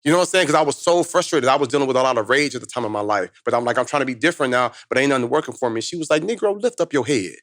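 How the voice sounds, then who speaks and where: Brief: man, 30s, motivational speaker, rapid animated storytelling, dry close sound. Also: medium pitch, no room sound. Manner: fast, animated street-slang storytelling. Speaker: motivational speaker, podcast guest. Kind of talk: storytelling in casual conversation.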